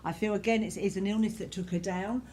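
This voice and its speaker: Woman medium in a church, soft reassuring talk, lots of "you know", middle pitch, bit of faint noise. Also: steady tone, fast talker. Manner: gentle, reassuring, repetitive, many "you know"s. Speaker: spiritualist medium leading the service. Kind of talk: giving spirit messages to a congregation. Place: church hall with a congregation.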